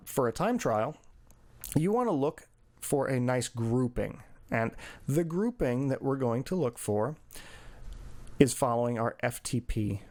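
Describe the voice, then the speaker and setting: A man's voice: mid-range voice, vocal fry, darkish tone. A cycling coach talking through training data charts in a screen-share lesson, explaining as he goes with many fillers.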